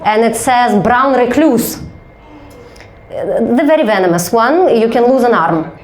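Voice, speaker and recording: Young woman doing standup, swears a lot, bit high, echoey club sound. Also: unhurried, slight background noise. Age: young adult. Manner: profane, deadpan storytelling with acted quotes. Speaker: stand-up comedian. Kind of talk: stand-up storytelling.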